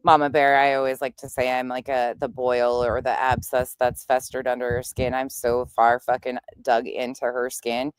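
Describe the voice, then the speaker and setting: Smooth low-voiced sarcastic woman. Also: flat delivery, normal speed, hardly any pauses, no echo. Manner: blunt, sarcastic. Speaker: commentary streamer. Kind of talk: reaction commentary.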